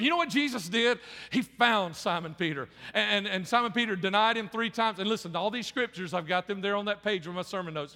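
A man's voice: high-pitched, pushed and bright, long reverb tail. A male pastor preaching a sermon, impassioned, often repeating words and restarting phrases as he builds.

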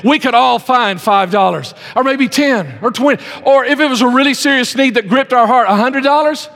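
A man preaching a sermon to his congregation, emphatic, swinging between loud pleas and hushed earnest lines. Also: extremely high pitch, normal speed, vocal fry. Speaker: pastor. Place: church service in a civic center. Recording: long hall reverb.

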